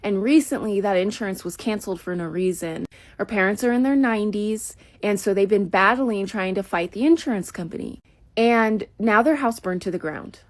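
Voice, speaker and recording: A woman's voice: medium pitch, moderate pace. Somber woman from Southern California. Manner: somber, storytelling. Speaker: social media commentator. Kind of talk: casual to-camera talk.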